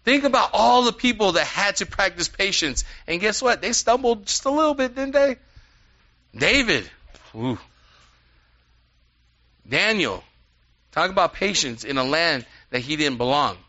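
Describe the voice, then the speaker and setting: Male preacher, animated conversational sermon, high voice, dull lo-fi recording. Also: unhurried, pauses often. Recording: dull lo-fi sound.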